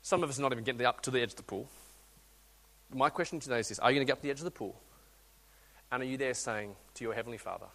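Preacher, man in his 30s, sharp tone, reverberant hall. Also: very fast, pauses often. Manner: storytelling, swings from loud high urging to quiet low intimacy. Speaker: guest preacher. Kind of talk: sermon. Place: church hall.

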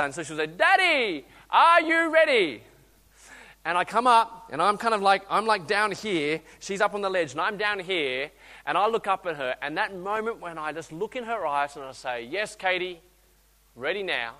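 Man preaching, high bright voice, long reverb of a church hall. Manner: storytelling, swings from loud high urging to quiet low intimacy. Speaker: guest preacher. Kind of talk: sermon.

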